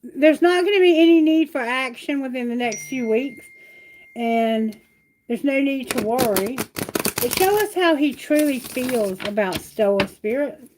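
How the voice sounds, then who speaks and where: A woman giving a live-stream tarot reading at home. She reassures viewers warmly, calls them sweetheart, and asks her questions aloud to Spirit. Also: sits high, a little slow, background noise. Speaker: tarot reader. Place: at home, near her bedroom.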